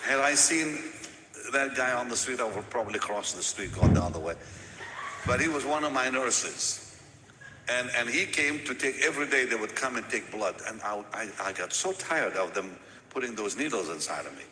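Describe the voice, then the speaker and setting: Lively, animated preacher man in echoey hall. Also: medium pitch, moderate pace, very noisy. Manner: animated storytelling, repeats words, laughs. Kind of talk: sermon storytelling. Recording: echoey hall with long reverb.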